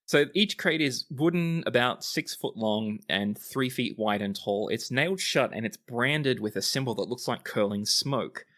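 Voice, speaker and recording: A man's voice: medium pitch, expressive, measured pace, few pauses, a bit bright. A man running a tabletop game as game master, narrating in a rambling, casual way with frequent laughs and swearing.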